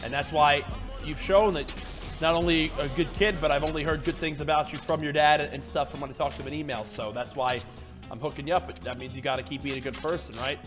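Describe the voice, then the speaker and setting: A man livestreaming a game, chatting and joking with a young teammate, getting loud and excited in fights. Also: a little high, quick pace, over music. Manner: excitable, jokey, shouts during fights. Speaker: streamer. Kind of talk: casual gaming livestream chat.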